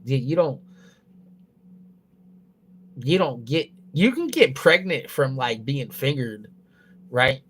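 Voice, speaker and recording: A man's voice: mid-range voice, big pitch swings, slow pace, long pauses, husky. A young man chatting on a livestream, crude and blunt, swearing constantly and rambling loosely with restarts. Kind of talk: casual livestream chat.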